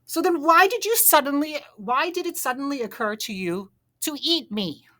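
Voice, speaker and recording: A woman voicing a proud, excitable male doughnut who talks high and loud when alarmed. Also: normal speed, slightly rough.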